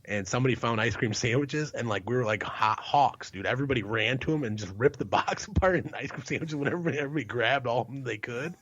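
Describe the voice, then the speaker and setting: A man's voice: mid-range voice, fast talker, few pauses, a bit bright, slightly rough. A man co-hosting a podcast, telling a rambling, profane story and laughing mid-sentence. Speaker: podcast co-host. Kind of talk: casual storytelling chat. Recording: lo-fi muffled sound.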